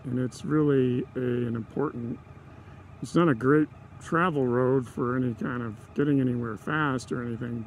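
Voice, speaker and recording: A man's voice: mid-range voice, creaky, a little mellow. A man vlogging from a motorcycle, rambling with many fillers and restarts and a sarcastic edge, recorded on a lavalier mic inside his helmet. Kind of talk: rambling casual vlog. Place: riding a motorcycle outdoors. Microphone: stereo lavalier inside a helmet. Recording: wind and engine noise.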